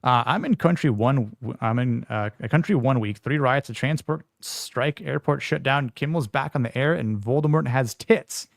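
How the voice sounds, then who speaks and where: Gravelly laid-back man hosting a stream. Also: mid-range voice, normal speed, few pauses, no echo, clean studio sound. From Florida. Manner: laid-back, greets chat viewers by name. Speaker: podcast co-host. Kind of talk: casual livestream chat.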